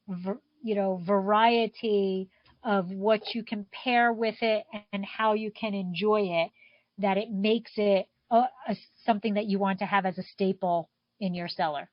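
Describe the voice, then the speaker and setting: A woman's voice: medium pitch, no room sound. A woman co-hosting a wine show over a video call, easygoing and chatty. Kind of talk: casual chat on a video call. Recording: dull, dry video call audio.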